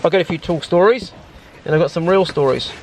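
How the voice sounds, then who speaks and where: Laid-back New Zealand man, slightly high voice. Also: brisk, a little mellow, slight background noise. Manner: laid-back, rambling, talks to his dogs. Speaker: vlogger storyteller. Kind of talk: casual outdoor vlog chat. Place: outdoors on a hot day with dogs.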